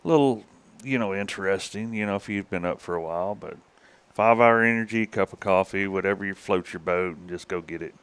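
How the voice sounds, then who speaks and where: A man's voice: deep voice, fairly bright tone, clean tone, dry recording. Easygoing man, dry studio. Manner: easygoing, halting with restarts. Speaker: guest, funeral director. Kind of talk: casual interview chat.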